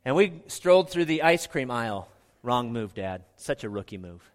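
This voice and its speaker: Man, middle-aged, pastor, sermon, earnest, mid pitch, hushed emphasis. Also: very animated, normal speed, soft background music. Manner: earnest, drops to soft hushed tones for emphasis.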